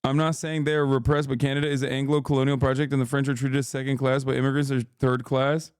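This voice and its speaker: A man's voice: mid-range voice, level tone, fast talker, clean tone, no echo, studio quality. A man streaming live, reacting in casual chat, incredulous and profane as he reads out chat messages.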